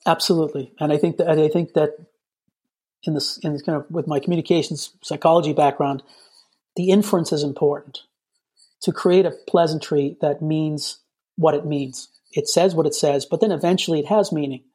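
An Irish man chatting in a relaxed, loose way, his talk full of "you know" and half-finished starts. His voice is mellow and a little husky. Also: on the high side, brisk. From Ireland. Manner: rambling, peppered with "you know". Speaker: guest. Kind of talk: casual chat.

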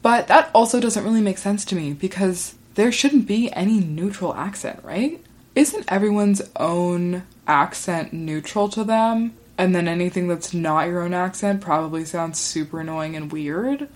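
A woman musing aloud on her own show, chatty and rambling and full of "like" fillers. Her voice sits a bit low for a woman. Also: normal speed, a little mellow. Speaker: podcast host. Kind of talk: casual solo monologue.

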